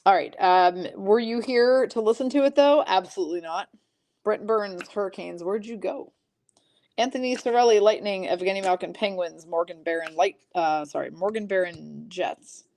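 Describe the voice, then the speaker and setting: A woman hosting a live-streamed trading card break, briskly calling out each pull and teasing her chat viewers. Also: mid-range voice, darkish tone.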